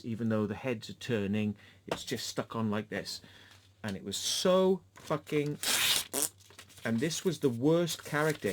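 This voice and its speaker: A man's voice: fairly low pitch, a little hiss or hum. A man giving a casual film review, rambling and swearing with lots of fillers and restarts. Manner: rambling and profane, with many fillers.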